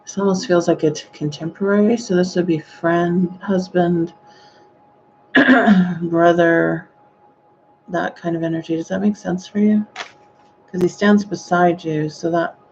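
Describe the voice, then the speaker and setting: Woman psychic reading live, soft and halting, a gravelly edge, muffled lo-fi recording. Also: lowish voice, fairly even intonation, a little hiss or hum. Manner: gentle, hesitant, with sighing exclamations. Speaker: psychic medium.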